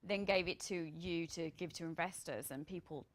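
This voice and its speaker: Lady with a lowish voice chatting excitedly about her business, lots of you-knows. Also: normal speed. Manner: enthusiastic, rambling with fillers. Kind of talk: casual chat.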